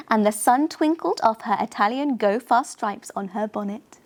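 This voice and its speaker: A woman narrating a children's bedtime story in a gentle, animated way. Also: on the high side, moderate pace, hardly any pauses.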